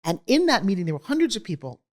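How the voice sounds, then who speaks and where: A woman's voice: medium pitch, very animated, very fast. A middle-aged woman, a guest in an interview, telling her life story candidly and animatedly, acting out the voices of people she quotes.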